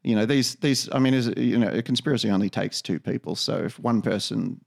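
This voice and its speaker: A man's voice: medium pitch, brisk, vocal fry. A man co-hosting a podcast, talking in a rambling casual way with many restarts and fillers. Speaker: podcast co-host. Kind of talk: casual conversation.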